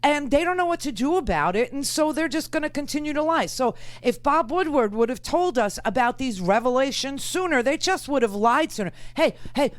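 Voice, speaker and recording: A woman's voice: on the high side, no room sound. A woman radio host giving sarcastic, ranting political commentary.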